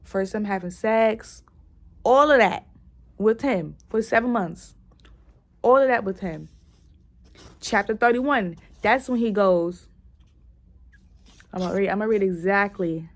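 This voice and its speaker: A woman chatting casually in a book review, retelling scenes excitedly with lots of "like"s and restarts, and cursing bluntly. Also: medium pitch, unhurried, pauses often. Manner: blunt, curses freely.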